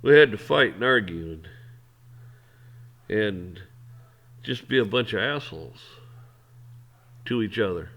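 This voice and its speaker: A man's voice: on the low side, animated, a little slow, pauses often, a bit bright. A man hosting an opinion show, ranting in a blunt, heated, profane way. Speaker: host. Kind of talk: opinion rant.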